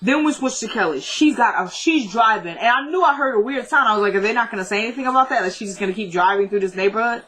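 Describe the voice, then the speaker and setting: A young woman vlogger chatting casually through an episode recap, retelling scenes in a lively, animated way. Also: fairly high pitch, fast, hardly any pauses, poor audio.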